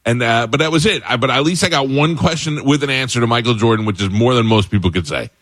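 A middle-aged man, a former sports reporter, telling animated stories in casual chat, his voice jumping up when he gets excited. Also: fast talker, no room sound, clean studio sound. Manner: animated, jumps high in pitch when excited.

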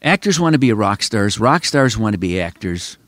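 Talking directly to listeners, this Chicago man in his seventies hosts a podcast, musing casually in a rambling, emphatic way. The voice sits on the low side, very animated and a bit bright, moving at a moderate pace with no echo.

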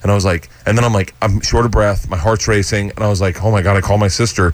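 Middle-aged guy rattling off a story super fast, acting out everybody's lines, podcast studio. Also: on the low side. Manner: animated storyteller, acts out quotes. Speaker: comedian guest. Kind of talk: storytelling in casual chat.

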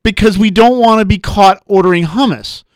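A man's voice: high-pitched, a little fast, dry recording, clean studio sound. A man co-hosting a sports talk radio show, playful and goofy with his jokes. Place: radio studio.

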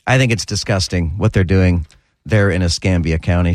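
A man's voice: sits low, no room sound, studio quality. A man hosting a talk radio show, speaking in a sarcastic, opinionated way and repeating his points for emphasis. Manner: sarcastic, repetitive, drawn-out emphasis. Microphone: studio microphone.

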